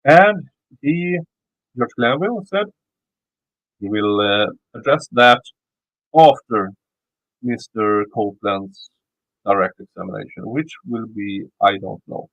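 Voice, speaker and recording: A man's voice: on the low side, lively intonation, takes it slowly, pauses often, fairly bright tone, dry recording, low-quality recording. A man with a Swedish accent reading a legal motion aloud and commenting on it, often stumbling and repeating words as he reads. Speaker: YouTube commentator.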